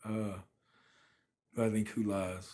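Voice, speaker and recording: Chatty man with low voice. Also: flat delivery, takes it slowly, warm tone. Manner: chatty, thanks viewers by name, rambling. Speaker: livestream host. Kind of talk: casual livestream chat. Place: apartment. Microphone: phone.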